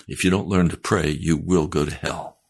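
A man's voice: very deep voice, fairly even intonation, moderate pace, creaky, breathy edge. A male preacher retelling a first-person story in his sermon, emphatic and challenging his listeners directly.

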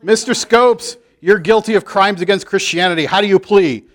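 Loud and slow, this is a fiery preacher working up his congregation, as a man puts him on. Every line is stretched out and punched from the pulpit in a high, ringing voice. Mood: stern. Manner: booming, drawn-out preaching.

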